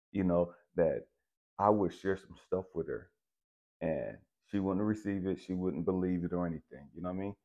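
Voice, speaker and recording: A man telling a personal story to the camera in an animated, profane, emphatic way. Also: deep voice, muffled recording. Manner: animated, profane, keeps saying "stay with me, I'm going somewhere". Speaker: channel host.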